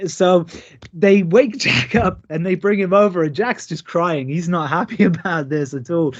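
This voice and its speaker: Lively man telling stories, lo-fi sound. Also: high-pitched, normal speed. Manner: lively, acts out quoted lines. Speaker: pro wrestler, guest. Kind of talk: remote interview storytelling. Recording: dull lo-fi call audio.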